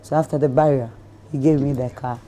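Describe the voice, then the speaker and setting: A middle-aged Ghanaian woman telling a lively story in an interview, acting out the people in it. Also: very deep voice, fairly quick, a little hiss or hum. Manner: animated storyteller who acts out voices, laughing. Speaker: celebrity guest.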